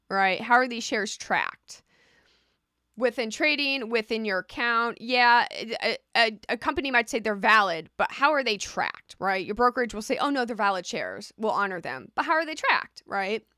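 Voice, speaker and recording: A woman's voice: on the high side, bright, forceful tone, no room sound, clean studio sound. A woman vlogging casually, explaining things chattily and often repeating a rhetorical "right?".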